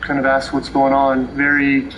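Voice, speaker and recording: A man's voice: mid-range voice, monotone, normal speed, noisy background. A man, a police officer, describing a case plainly in a documentary interview, with frequent "kind of" hedges.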